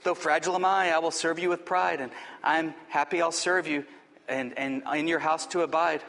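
A man's voice: fairly high pitch, fairly even intonation, moderate pace, creaky, a bit bright. A man reading the lines of a proud, fragile crystal goblet from a poem in a sermon. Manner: proud, eager to please. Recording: long hall reverb.

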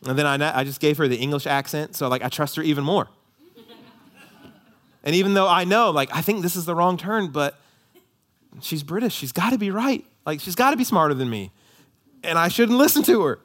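A man preaching a sermon to his congregation. He is emphatic, repeats key lines in a steady preaching rhythm, and slips in light, joking asides. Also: fairly high pitch, a little fast, pauses often. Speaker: pastor.

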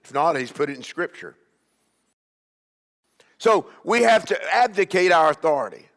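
A man's voice: a little high, sing-song, moderate pace, fairly bright tone, in a large hall. A man preaching as a bishop, emphatic, with call-and-response and repeated questions to the congregation. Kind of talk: sermon.

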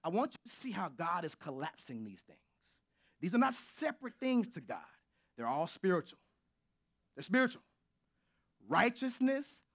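A man preaching a sermon as pastor, swinging from shouts to near whispers, with informal, joking asides to his congregation. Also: fairly high pitch.

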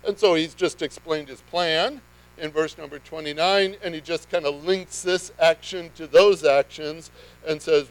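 A man's voice: fairly high pitch, steady tone, unhurried, low-quality recording. A man preaching a sermon in a conversational way that builds to emphatic bursts. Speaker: pastor.

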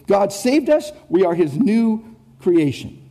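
Slow and sing-song, a pastor's notably high, soft, mellow voice carries an expository sermon. He repeats phrases to stress his points, frequently restarts words, and addresses rhetorical questions directly to his audience.

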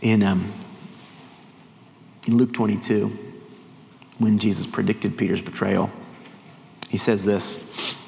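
A man's voice: on the low side, steady tone, slow, gravelly, long pauses, darkish tone. A middle-aged man, a visiting missionary, preaching a sermon, telling stories and quoting scripture with rising emphasis. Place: church hall. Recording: church hall reverb, faint noise.

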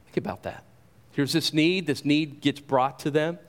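A man's voice: a little high, steady tone, moderate pace. A man preaching a sermon, emphatic, asking rhetorical questions and doubling words as he stresses a point. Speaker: pastor.

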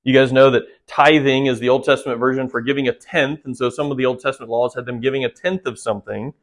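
A man's voice: medium pitch, steady tone, fast. Earnest man preaching a sermon. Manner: earnest, direct, addresses listeners with rhetorical questions. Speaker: pastor.

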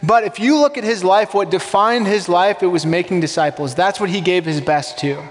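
A man with a notably high voice preaches a sermon in a relaxed, conversational way, often throwing rhetorical questions to his congregation. His voice rings out with the long reverb of a large church sanctuary. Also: moderate pace, slight background noise. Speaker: pastor.

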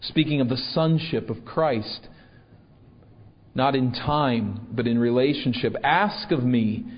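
A man's voice: medium pitch, slow, big-room sound, highs cut off. A man preaching a sermon, reading scripture and asking the congregation rhetorical questions. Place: church.

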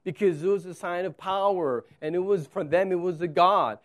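A man's voice: high voice, moderate pace, hardly any pauses. A male pastor preaching a sermon with emphasis, acting out the quotes.

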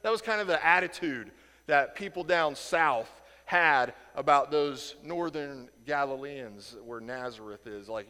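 A man from Indiana teaching a Bible lesson in a casual, animated way, acting out the people in the story and chuckling as he goes. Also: mid-range voice, measured pace, smooth, in a large hall. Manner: animated, acts out quoted voices, chuckles.

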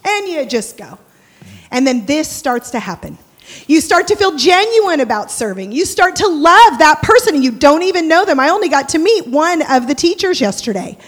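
A woman preaching a sermon in a church, expressive, moving between loud lively passages and hushed prayerful ones. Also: high-pitched. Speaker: church speaker. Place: church sanctuary. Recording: long hall reverb.

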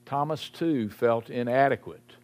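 A man delivers a sermon at an unhurried, measured pace. His voice sits at an ordinary middle pitch and sinks lower and quieter on the phrases he wants to stress. The style is emphatic preaching. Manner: slow, emphatic preaching, dropping low on key phrases. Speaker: pastor.

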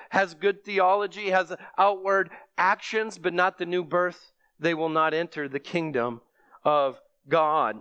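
A man's voice: high voice, pushed and bright, no room sound. A man preaching a sermon in an earnest way, with sudden emphatic bursts on repeated phrases.

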